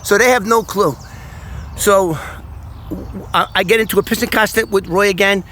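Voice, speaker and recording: A man in his sixties telling a story from his own past, animated and casual, often repeating words as he goes. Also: high voice, normal speed, slight background noise. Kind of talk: casual first-person storytelling.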